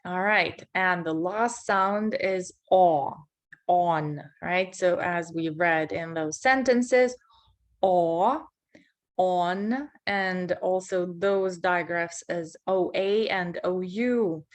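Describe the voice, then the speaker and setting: Woman, English teacher, slow deliberate delivery, low-ish voice, repeats words for practice. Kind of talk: pronunciation lesson.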